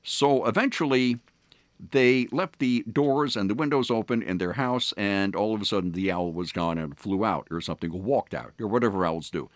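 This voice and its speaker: A man's voice: fairly low pitch, moderate pace, no echo. A man hosting a morning radio show, telling stories in a rambling way with many fillers and restarts. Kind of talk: casual on-air storytelling. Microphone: studio microphone.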